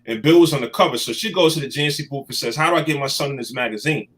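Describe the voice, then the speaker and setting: A man in his thirties telling his life story in a casual chat, animated and emotional. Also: medium pitch, rapid-fire. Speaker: guest.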